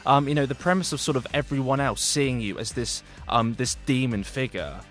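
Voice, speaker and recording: A man's voice: mid-range voice, brisk, fairly bright tone. A young man giving a radio film review, rambling with lots of fillers and restarts. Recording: radio studio with faint music.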